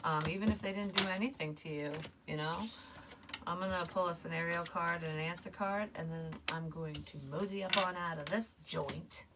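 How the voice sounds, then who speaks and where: Low-voiced chatty woman psychic reader. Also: fairly even intonation, moderate pace, heavy background noise. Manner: chatty, emotional, swears casually. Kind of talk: casual tarot reading.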